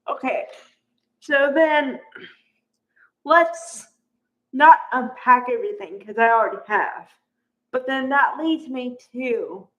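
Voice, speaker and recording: A woman chatting casually through a soap opera recap, acting out the characters' lines with exclamations. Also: a little high. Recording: dull lo-fi audio.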